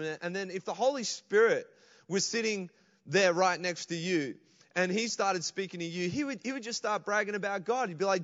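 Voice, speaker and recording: A man's voice: sits high, moderate pace, fairly bright tone, big-room sound, highs cut off. A man preaching a sermon as pastor, calling out to the congregation. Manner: preaching with call-outs to the congregation. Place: church.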